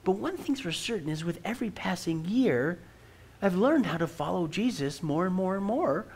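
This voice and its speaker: A man's voice: high-pitched, expressive, moderate pace, breathy edge. A middle-aged man, a pastor, preaching a sermon in an earnest way and often repeating words as he starts a sentence. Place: church.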